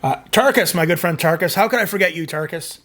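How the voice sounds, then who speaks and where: Reading viewer comments on his music reaction channel, a middle-aged Canadian man chats casually and rambles with lots of fillers. He talks at a quick pace in a slightly high, fairly bright voice.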